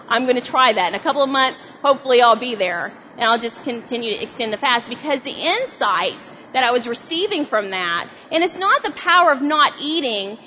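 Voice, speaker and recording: A woman preaching a sermon in a chatty, animated way, asking her congregation questions. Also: sits high, slight background noise. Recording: long hall reverb.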